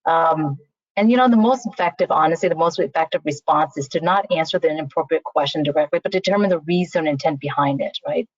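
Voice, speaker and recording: A woman's voice: deep voice, fast talker, hardly any pauses, dry recording. A woman recruiter speaking casually in a webinar, often saying "you know" and restarting her sentences. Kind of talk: webinar talk on interview skills. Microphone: video call. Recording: slightly muffled, dry online call audio.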